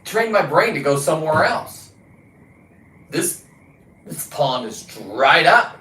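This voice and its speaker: A man's voice: big pitch swings, slow pace, pauses often, pushed and bright. Profane ranting man, roomy echo. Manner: combative, swearing, shifts pitch and volume a lot. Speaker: livestream host. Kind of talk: casual profane rant.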